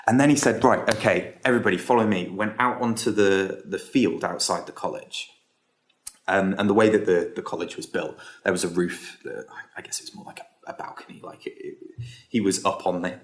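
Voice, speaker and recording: A man with a fairly low voice tells a long story as a podcast guest. He rambles casually, stopping and restarting with plenty of ums along the way. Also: steady tone, brisk. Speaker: entrepreneur guest.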